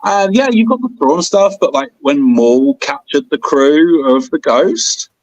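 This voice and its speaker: A man co-hosting a podcast in casual chat, excitable and rambling, with bursts of enthusiasm. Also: a little high, unhurried, no room sound, highs cut off. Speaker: podcast co-host.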